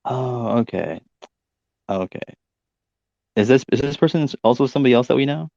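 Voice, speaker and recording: Low-key guy chatting, gravelly, muffled line. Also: animated, normal speed, darkish tone, dry recording. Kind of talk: casual chat.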